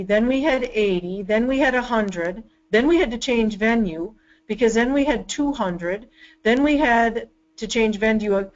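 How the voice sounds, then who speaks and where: A woman chairs a webinar session and tells her story with eager energy, often restarting her sentences. Her voice sits in a middle range. The audio comes through slightly dull, as from a webinar mic. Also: mid-range voice. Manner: enthusiastic, storytelling with quick restarts. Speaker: webinar presenter, department chair. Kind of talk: webinar talk.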